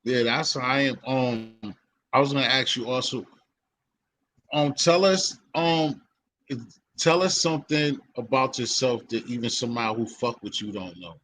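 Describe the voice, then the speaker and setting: A man's voice: medium pitch, moderate pace, a little hiss or hum, rough recording. A man from hosting a casual chat, rambling in street slang with many restarts. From Boston. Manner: rambling, restarts, animated quoting. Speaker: podcast host.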